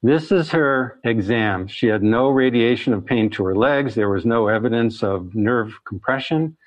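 A man's voice: medium pitch, normal speed, dry recording. A man, a doctor giving a conversational talk on chronic pain and telling patient stories. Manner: conversational, storytelling, slips into quoted voices. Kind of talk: presentation talk. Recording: dull lo-fi dry recording.

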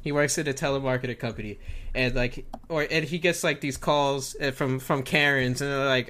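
A man's voice: medium pitch, steady tone, a little fast, fairly bright tone. A man co-hosting a casual comedy chat in a loose, joking manner. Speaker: co-host.

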